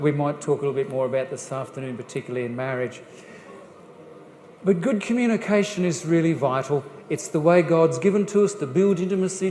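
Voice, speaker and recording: A man giving a jokey, lively church seminar talk on family life, putting questions straight to the audience. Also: on the high side, a little hiss or hum. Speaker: guest speaker on family life. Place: church hall. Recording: echoey church hall, faint ambience.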